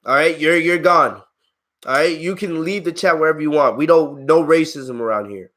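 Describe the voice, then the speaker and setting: On his live-stream wrestling review, the channel's host talks at a moderate pace in a fairly bright voice on the high side. He gets exasperated and heated, ranting at his chat, laughing at viewers, and swearing freely.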